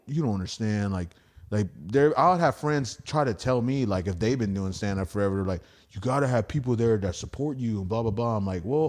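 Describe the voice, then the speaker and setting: A stand-up comedian appears as a podcast guest, rambling through stories with plenty of profanity and acting out the voices of the people he quotes. His voice is fairly low and darkish in tone.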